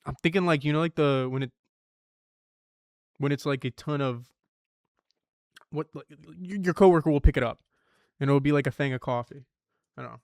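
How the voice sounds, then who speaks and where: A man's voice: a little high, moderate pace, long pauses, darkish tone, dry recording, studio quality. A young man streaming himself solving word puzzles, thinking aloud, swearing and muttering clues to himself.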